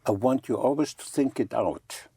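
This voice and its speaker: A man's voice: medium pitch, normal speed, dark tone, slightly rough, no echo. A man teaching French vocabulary, patiently repeating each word and spelling it out letter by letter. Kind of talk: language lesson.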